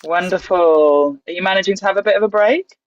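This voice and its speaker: A woman hosting an online singing session over a video call, greeting people one by one by name and place and leading a breathing warm-up. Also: lowish voice, fairly quick, no echo. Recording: dull, dry video-call audio.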